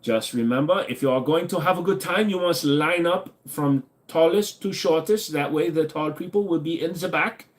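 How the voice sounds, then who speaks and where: A man's voice: a little high, normal speed, hardly any pauses, pitched above the performer's own voice, lightly acted. Man playing a smug German man, mock German accent, pompous, formal, clipped.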